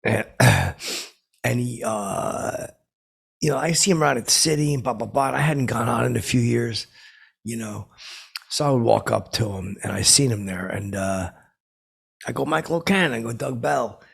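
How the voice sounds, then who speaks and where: A man playing a self-important, washed-up comedian who hosts his own podcast from home, rambling in halting bursts full of fillers and restarts. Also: medium pitch, fairly bright tone, heavily acted. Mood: rambling boastful. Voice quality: gravelly and raspy. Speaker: podcast host. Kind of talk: improvised comic character monologue.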